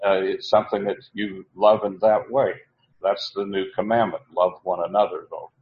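A man giving a verse-by-verse Bible teaching, halting and restarting often, slowing down to stress key words. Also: low-pitched, flat delivery, dull audio. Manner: halting, with many restarts and uhs.

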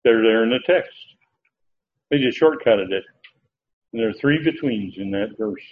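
A man teaching through Bible verses word by word, pausing often with filler sounds as he explains. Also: mid-range voice. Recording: dull lo-fi recording with faint background noise.

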